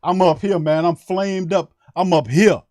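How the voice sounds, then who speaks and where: A man's voice: sits high, measured pace, darkish tone, no echo. Fired-up New man ranting. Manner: heated, emphatic, profane, repeats his points. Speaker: sports podcast host. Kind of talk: fired-up fan rant on a live stream.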